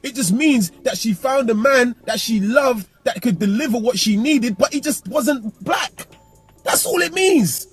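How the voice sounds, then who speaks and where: High husky-voiced blunt man. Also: animated, unhurried, no room sound, soft background music. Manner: blunt, brash, swearing, raises voice. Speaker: panelist. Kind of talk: heated casual discussion.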